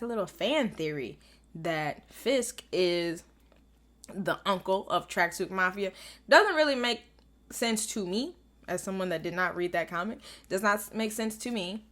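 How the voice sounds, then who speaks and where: A young woman giving a casual, excitable recap and reaction to a TV episode, acting out lines as she retells them. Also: fairly low pitch. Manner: excitable, animated retelling with quoted voices. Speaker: recap reviewer.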